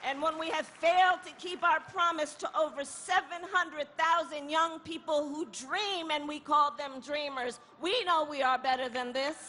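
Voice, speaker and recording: A woman giving an impassioned protest rally speech outdoors, repeating a refrain and building to shouts. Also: high voice, steady tone, moderate pace, few pauses, a faint crowd, slight background noise. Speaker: rally speaker.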